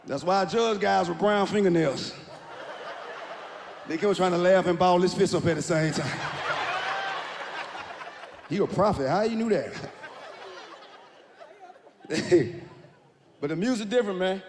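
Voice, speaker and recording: Man, stand-up comedian, very high voice, loud punchy delivery, long hall echo. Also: moderate pace, creaky, long pauses, some chatter behind. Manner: loud, animated storytelling with shouted punchlines and acted-out quotes. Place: stage in a large hall with a live audience. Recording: live hall reverb, faint room noise.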